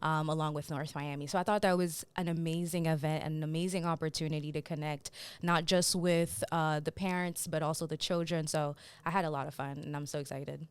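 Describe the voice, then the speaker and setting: A young adult woman from Haiti speaks as an interview guest, earnest and reflective in tone. Her voice sits low and sounds clean and smooth. The sound is close and dry, with no room around it. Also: fairly even intonation, fairly quick, hardly any pauses, no room sound. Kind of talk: casual interview chat.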